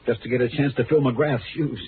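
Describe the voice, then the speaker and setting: A man's voice: medium pitch, fairly even intonation, a little fast, slight background noise, close to an everyday voice. An actor playing a nervous, resentful male ghostwriter who stammers, in 1940s radio acting. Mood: bitter. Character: nervous, bitter man, a slippery columnist's ghostwriter. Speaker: newspaper ghostwriter. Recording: tinny old radio broadcast.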